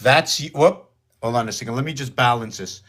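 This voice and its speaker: A man's voice: medium pitch, moderate pace, a bit bright. Rambling man talking to camera. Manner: wandering, stream-of-consciousness, frequent restarts and asides; talks in a coaxing way to his cat. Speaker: video creator. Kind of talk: rambling solo monologue to camera.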